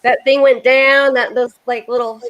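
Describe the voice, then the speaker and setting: A middle-aged woman from the United States hosting a casual talk, telling animated stories and laughing often. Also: high-pitched, moderate pace, lo-fi sound. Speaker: host. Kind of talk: casual chat.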